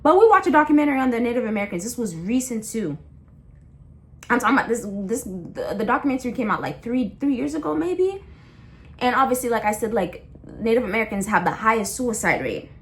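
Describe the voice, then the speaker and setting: A woman's voice: on the high side, expressive, fairly quick. A young adult woman in a blunt, impassioned rant, slangy and full of repeats and restarts. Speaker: vlogger. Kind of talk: casual ranting monologue.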